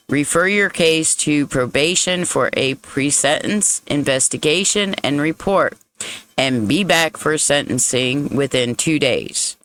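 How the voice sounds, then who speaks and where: A channel host reading the judge's lines from a court transcript in a measured, formal way. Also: mid-range voice, fairly bright tone, dry recording.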